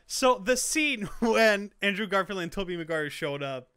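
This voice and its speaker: Young man, casual podcast chat, bright voice, slightly high, excitable, filler-heavy. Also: moderate pace, smooth. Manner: excitable, rambling, many fillers. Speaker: podcast co-host.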